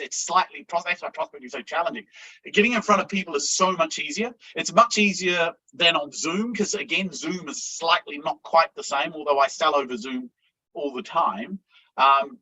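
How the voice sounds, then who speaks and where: Blunt, bright-voiced sales trainer man. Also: a little high, poor audio. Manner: blunt, conversational, frequent "yeah?" check-ins, occasional swearing.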